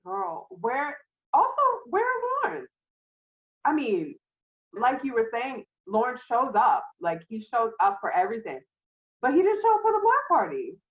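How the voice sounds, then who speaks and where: A woman co-hosting a podcast in casual chat, laid-back and easily amused. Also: sits high. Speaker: podcast co-host. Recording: tinny phone-like line.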